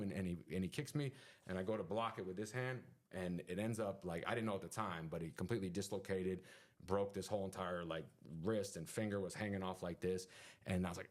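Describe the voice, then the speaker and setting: A man telling a story in casual conversation as a podcast guest, animated and full of sound effects and fillers. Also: deep voice, quick pace.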